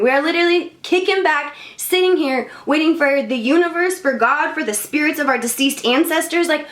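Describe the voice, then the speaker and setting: A woman vlogger tells a story and gives spiritual advice in loose slang, full of "like" and "you know." Her voice sits high. The room around her rings with echo. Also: fairly bright tone. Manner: slangy, rambling with many fillers. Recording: roomy echo.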